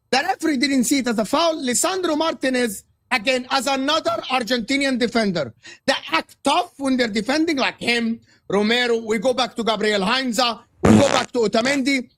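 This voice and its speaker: Man from egypt, high gravelly voice, fiery football rant, keeps repeating himself. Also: fairly bright tone. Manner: passionate ranting, repeats his points. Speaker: guest football pundit. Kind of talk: heated football talk on a live stream.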